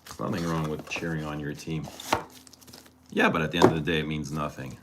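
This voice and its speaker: A man with a very low voice talks casually to his live-stream viewers. He is chatty and teasing and answers them directly. A clear hiss of noise sits under the recording. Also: little pitch movement, fairly quick. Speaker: fragrance streamer.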